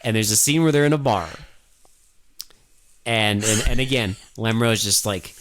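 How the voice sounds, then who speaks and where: A man's voice: on the low side, normal speed, fairly bright tone. Sarcastic man co-hosting a podcast. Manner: sarcastic, joking, profane. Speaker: podcast co-host. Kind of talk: casual movie review chat.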